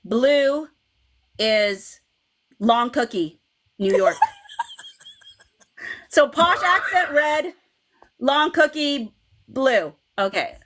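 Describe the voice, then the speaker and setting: Lively, high-voiced woman hosting a fan chat. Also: extremely slow, long pauses. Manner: animated, laughs often, many restarts and okays. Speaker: livestream host.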